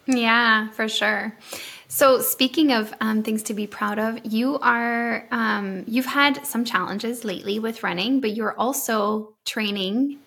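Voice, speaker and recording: A woman's voice: on the high side, takes it slowly, creaky, a bit bright, slightly rough. A woman hosting a podcast interview, chatting casually and encouraging her guest with enthusiastic affirmations. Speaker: podcast host.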